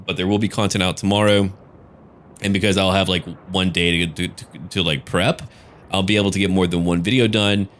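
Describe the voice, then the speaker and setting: A man with a very low voice talks through a casual update for his gaming channel. He rambles and jumps between thoughts. He drops in a curse word here and there. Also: fairly bright tone. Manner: rambling, loose, with casual swearing. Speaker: gaming YouTuber and game master.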